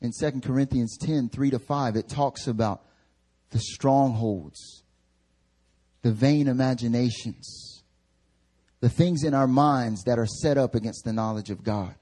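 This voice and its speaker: A young male pastor preaching a sermon in a casual, slangy, animated way. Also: medium pitch, measured pace.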